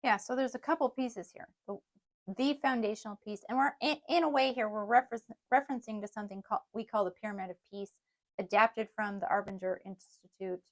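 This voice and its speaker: A woman's voice: mid-range voice, brisk. A middle-aged woman co-hosting a casual parenting podcast, explaining ideas earnestly with light laughs. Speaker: podcast co-host.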